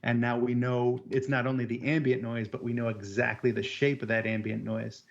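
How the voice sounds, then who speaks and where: A man co-hosting a casual technical chat about audio measurement, halting and restarting words as he explains. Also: medium pitch, flat delivery, vocal fry. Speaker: AV technician co-host. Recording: dull lo-fi sound.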